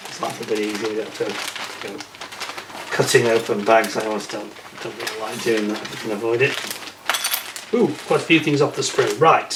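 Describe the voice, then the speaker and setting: A man's voice: lowish voice, steady tone, a little fast. A man casually reviewing a model kit as he unboxes it, chatting and muttering asides to himself. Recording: echoey room with faint noise.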